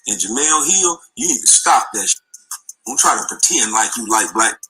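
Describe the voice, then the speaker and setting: A man's voice: on the low side, lively intonation, moderate pace, bright, forceful tone, slightly rough, low-quality recording. A man delivering a heated, confrontational and profane rant, with scornful laughs. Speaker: guest.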